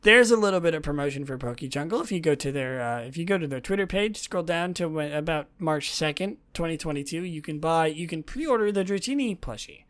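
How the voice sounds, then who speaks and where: A woman hosting a solo podcast, chatting in a gushing, excitable way that often drops into soft whispers. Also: sits low, fairly quick, few pauses. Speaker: podcast host.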